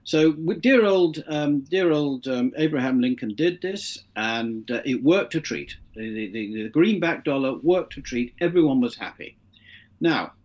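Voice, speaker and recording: A man's voice: mid-range voice, sing-song, moderate pace, a little mellow. Middle-aged guy telling stories in an interview, acts out what people said. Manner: anecdotal, acts out the voices in his stories. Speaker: interview guest. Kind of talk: casual interview storytelling.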